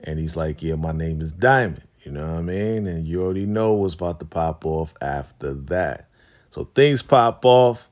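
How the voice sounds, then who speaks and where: A man's voice: low voice, expressive, darkish tone. A man casually recapping a TV episode, laughing often and acting out the characters' lines. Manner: slangy, laughs often, acts out lines in quick voices. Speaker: recap host.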